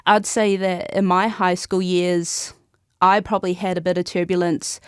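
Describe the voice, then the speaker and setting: A woman's voice: fairly low pitch, little pitch movement, moderate pace, clear, resonant tone, no echo, clean studio sound. A young woman, telling stories as a podcast guest in a chatty way and often laughing mid-sentence. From New Zealand. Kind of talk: casual interview chat.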